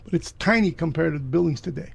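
A man from Miami, a guest telling a personal story with emphatic bursts of loud excitement. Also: on the high side, fast talker, gravelly, husky, dry recording.

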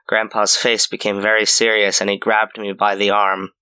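A man narrating a scripted horror story in a measured storytelling way. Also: on the low side, level tone, bright, forceful tone, clear, resonant tone.

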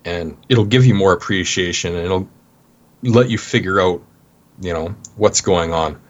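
A Canadian man, a guest in an interview, telling stories in a relaxed way with plenty of "you know" fillers. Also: sits low, unhurried, dull audio. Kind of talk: casual interview talk.

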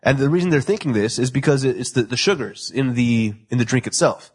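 A man's voice: medium pitch, expressive, a little fast, slightly rough. A man in his twenties hosting a casual chat, loose and joking, laughing often. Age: 20s. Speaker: podcast host.

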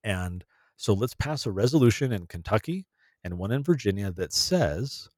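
A man's voice: on the low side, animated, moderate pace, darkish tone, no echo. A man co-hosting a podcast, explaining history in casual chat with frequent restarts and fillers. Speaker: podcast co-host.

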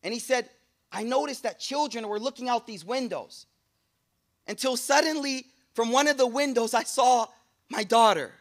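High-voiced man telling a dramatic sermon story. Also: normal speed. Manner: dramatic storytelling, swings between loud and hushed. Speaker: speaker, Islamic teacher.

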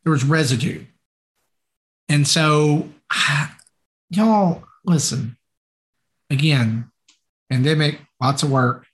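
A man's voice: on the high side, extremely slow, pauses often. A man co-hosting a podcast, telling a story in casual chat, full of fillers, acting out what people said. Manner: animated, acts out quoted dialogue, many fillers. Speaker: podcast co-host.

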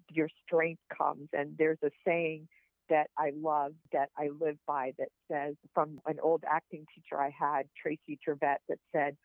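A woman's voice: low voice, gravelly, dry recording. Earnest woman on a tinny phone line. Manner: earnest, heartfelt, encouraging. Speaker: podcast guest. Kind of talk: personal storytelling over a call.

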